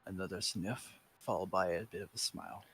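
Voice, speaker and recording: A man's voice: low voice, steady tone, brisk, fairly bright tone, breathy edge, no room sound. A man reading fanfiction aloud for laughs, in dramatic narration with stumbles and self-corrections. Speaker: reader.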